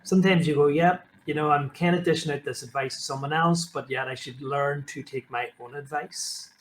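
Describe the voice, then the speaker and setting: A man's voice: fairly high pitch, steady tone, a little fast, low-quality recording. A man hosting a casual interview, who hesitates and restarts his sentences while he searches for words. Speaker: podcast host. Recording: faint background noise.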